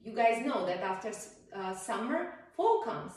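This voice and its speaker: A woman's voice: a little high, very animated, moderate pace, darkish tone. A woman teaching yoga to small children, playful and coaxing, often asking them questions as she guides the poses. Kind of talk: guiding a children's yoga class. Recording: echoey room, voice from far off.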